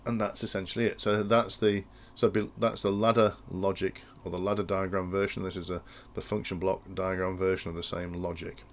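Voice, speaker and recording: Low-voiced man with gravelly tone. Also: level tone, brisk, few pauses, slight background noise. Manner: thinking aloud with frequent restarts. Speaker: instructor explaining industrial control. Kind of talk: technical tutorial walkthrough.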